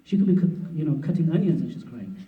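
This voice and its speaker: A man's voice: on the high side, animated, fast talker. A man, a mufti, giving a conversational, humorous workshop lecture on marriage, acting out what spouses say. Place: mosque hall at a conference. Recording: roomy hall, distant mic, dull sound.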